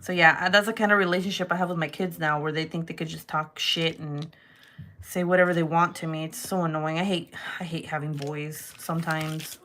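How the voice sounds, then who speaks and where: A woman's voice: low-pitched, a little fast. A woman crafting vlogger chatting casually, telling stories with laughs and swearing. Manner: animated storytelling, laughing, swearing. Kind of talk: casual chat.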